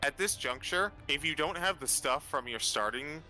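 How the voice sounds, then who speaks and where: A man's voice: on the high side, expressive, moderate pace, bright, forceful tone, faint music behind. A man running a tabletop game as dungeon master over a voice call, casually calling out rolls and enemy moves.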